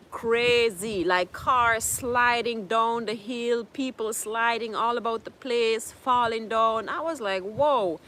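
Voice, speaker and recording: A woman's voice: fairly high pitch, fairly bright tone, slight background noise. A woman hosting a casual livestream, chatting with viewers, laughing often and slipping into French. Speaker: livestream host. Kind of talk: casual livestream chat reading viewer comments. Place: home in Jamaica.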